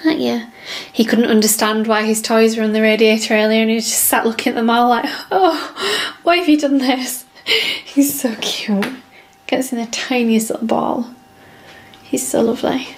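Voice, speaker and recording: A woman chatting casually in a home vlog, gushing and sing-song with her dogs, a little stuffed up and out of breath. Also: medium pitch. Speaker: vlogger. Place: home living room. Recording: echoey room with faint noise.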